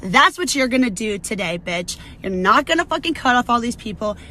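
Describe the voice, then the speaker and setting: A woman's voice: fairly high pitch, animated, brisk, sharp tone, a little hiss or hum. A woman driver scolding someone who tried to cut the line, swearing from inside her car.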